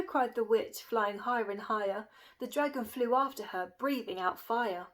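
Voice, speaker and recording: A woman's voice: on the high side, a little slow, a bit bright, rough recording. A woman reading a rhyming children's picture book aloud with a lilting rhythm. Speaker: storybook reader.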